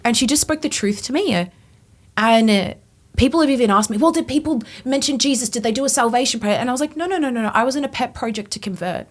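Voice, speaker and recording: A woman in her twenties, a podcast guest, telling her personal testimony in an animated way, acting out her past thoughts. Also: on the high side, fast talker. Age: 20s.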